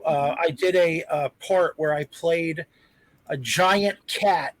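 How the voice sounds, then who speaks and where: A man's voice: on the high side, slow, no echo. A man who acts, chatting casually on a panel in a self-deprecating, rambling way. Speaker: actor guest on a panel.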